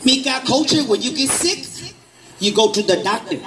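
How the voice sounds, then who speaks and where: A man with a Hmong accent telling animated, comedic stories on stage, switching between languages. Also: very high voice, normal speed. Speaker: storyteller. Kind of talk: live comedic storytelling. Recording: live audience crowd noise.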